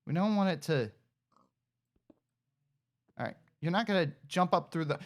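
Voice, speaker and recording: A woman giving casual gameplay commentary, excitable, talking to herself and coaxing a pet along. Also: on the low side, measured pace, long pauses. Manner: animated, talks to herself and coaxes a pet pig; excitable shouts and cheers. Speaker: gaming streamer.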